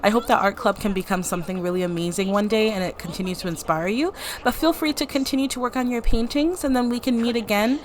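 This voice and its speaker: A woman's voice: a little high, fast talker, slight background noise, voice pushed up, lightly acted. A woman voicing an upbeat young woman who leads an art club, chatty and encouraging.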